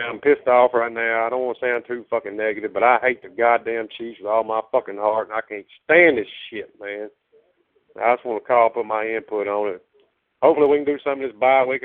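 Furious, swearing male caller on a phone line. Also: mid-range voice. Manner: furious, profane, venting. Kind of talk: angry voicemail rant.

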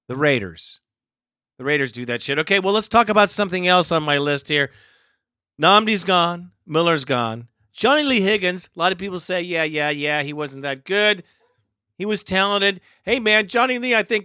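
A man's voice: high-pitched, bright, forceful tone, dry recording, clean studio sound. A man hosting a fan podcast, delivering a heated, profane solo rant. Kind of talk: solo ranting commentary.

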